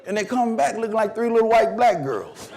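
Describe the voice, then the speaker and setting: A middle-aged man giving a conference keynote, telling a story that swings from loud bursts to hushed lines. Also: high voice, lively intonation, a little fast, a little hiss or hum. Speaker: motivational speaker. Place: conference hall.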